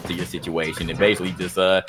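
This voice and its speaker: Deep-voiced relaxed male co-host. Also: fast talker, faint music behind. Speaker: podcast co-host. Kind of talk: casual group chat.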